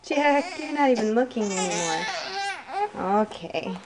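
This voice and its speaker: A woman's voice: high-pitched, expressive, slow, long pauses, very noisy. A mother filming a home video, talking to her baby in a coaxing, sing-song way.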